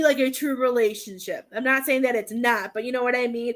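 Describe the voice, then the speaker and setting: Woman, slightly high voice, live tarot reading, rambling, hesitant, emotional. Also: fairly quick, fairly bright tone. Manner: rambling, hesitant, full of "I feel like"; emotional and tearful at times. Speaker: psychic medium giving a tarot reading.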